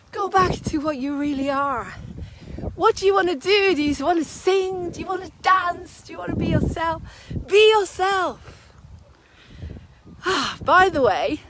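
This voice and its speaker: A woman's voice: high voice, fairly bright tone, a little hiss or hum. An exuberant woman vlogging outdoors on a green, whooping, laughing and breaking into song. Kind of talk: casual outdoor video chat.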